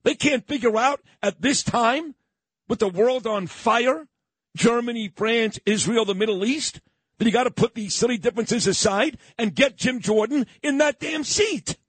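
New radio guy ranting on air, high husky voice, swings all over. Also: normal speed, no room sound. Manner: loud, ranting, combative, swings up into yelling. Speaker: radio talk show host. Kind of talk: opinionated morning talk radio. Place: radio studio.

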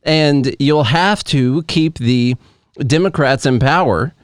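Smooth-voiced man reading news on a podcast. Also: medium pitch, takes it slowly, no room sound, clean studio sound. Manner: reads articles aloud and explains charts with asides. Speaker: podcast co-host. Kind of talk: casual news commentary.

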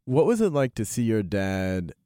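Male host, low voice, dry close mic, short probing questions. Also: big pitch swings, normal speed, dark tone, clear, resonant tone, dry recording. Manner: brief interjections and probing questions. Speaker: podcast host. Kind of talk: casual interview.

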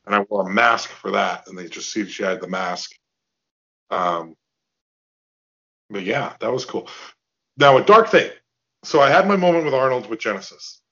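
A man guest on a video call interview, telling stories in an animated way with restarts and acted-out quotes. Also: on the low side, moderate pace, long pauses, muffled recording. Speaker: guest actor. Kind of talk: casual storytelling interview.

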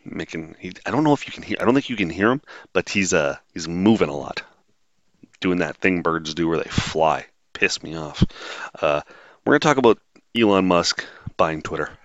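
A man's voice: low voice, expressive, moderate pace, no room sound, dull audio. A man hosting a solo podcast, talking in a blunt, sarcastic, rambling way with lots of fillers. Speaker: podcast host.

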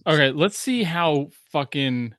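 A man's voice: fairly high pitch, unhurried, no room sound, clean studio sound. A man in his thirties, a podcast host, reading a listener review aloud and joking in casual chat. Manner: joking, profane, animated.

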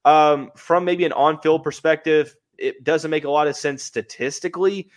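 A man's voice: a little high, steady tone, normal speed. A man hosting a live sports podcast, giving analysis in a conversational way and thinking aloud with hedges. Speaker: podcast host.

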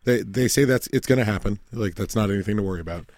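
A man co-hosting a casual sports podcast, trading fast, profane, joking banter. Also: fairly low pitch, darkish tone, no room sound. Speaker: podcast co-host.

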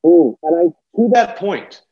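A man hosting a casual sports betting podcast, playful and excitable, speaking over a phone. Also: high-pitched, dull audio. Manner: excitable, playful, quick asides. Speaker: podcast host. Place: home in a city apartment. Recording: echoey room over a phone.

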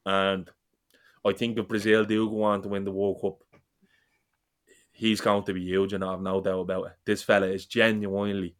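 Guy ranting about football on a podcast, lowish flat voice, swears a lot. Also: normal speed, clear, resonant tone. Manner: passionate, sweary, repeats words. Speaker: podcast co-host. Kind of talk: casual football podcast chat.

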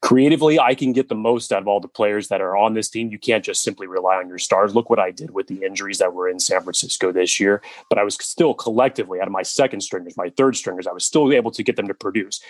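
A man's voice: fast, hardly any pauses, no room sound, lightly acted. A man playing an intense male head coach candidate, speaking earnestly. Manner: earnest, then yelling in a high voice. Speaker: podcast co-host.

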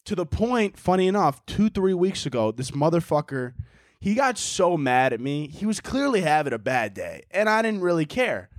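A young Chicago man with a slightly high voice tells a story on his solo podcast at a normal speed, animated and swearing freely as he acts out everyone involved. The sound is studio quality with no room echo.

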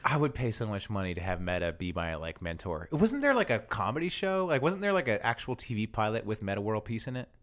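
A man's voice: on the low side, sing-song, quick pace, few pauses, fairly bright tone. A man hosting a casual sports podcast, talking in rambling runs full of fillers. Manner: rambling, many fillers, laughs easily. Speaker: podcast host. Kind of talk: casual chat.

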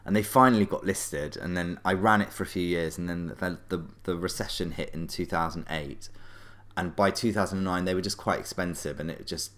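A middle-aged man with a very deep voice tells a long anecdote as a guest. He rambles and restarts, scattering fillers as he goes. His delivery is casual and animated. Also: fairly quick. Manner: rambling, animated, full of fillers and self-corrections. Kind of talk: casual storytelling.

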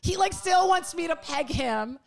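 A woman telling a story in casual podcast chat, fast and full of "like" fillers, laughing often. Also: extremely high pitch, animated, gravelly. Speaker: podcast guest.

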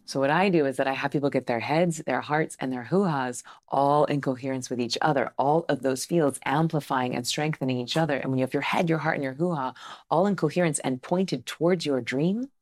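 A woman's voice: very deep voice, brisk, a little mellow, no echo, studio quality. A woman, guest on a podcast, talking in a flowing, enthusiastic way with frequent "like"s. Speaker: guest, meditation teacher. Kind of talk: podcast conversation.

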